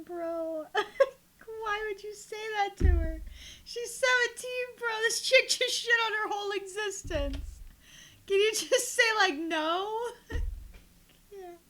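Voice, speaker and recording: A woman giving casual let's-play commentary, giggling, cursing and reading lines aloud. Her voice is very high and swings widely, and she speaks slowly. Game music plays under her. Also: fairly bright tone. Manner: giggly, swears a lot, reads dialogue aloud. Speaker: streamer.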